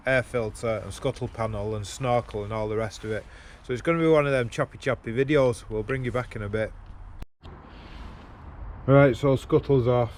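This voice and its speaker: A car vlogger chats bluntly and swears while working on a car beside a road, filmed outdoors on a handheld camera with a gimbal. His medium-pitched voice is a little mellow, and a faint hiss or hum runs through the audio.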